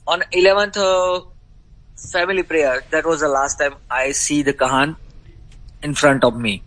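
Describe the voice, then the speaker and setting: A man's voice: fairly high pitch, steady tone, a bit bright, poor audio. Grieving middle-aged Indian man. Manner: halting, many fillers, grieving. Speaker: bereaved father, interviewee. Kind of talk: interview answers.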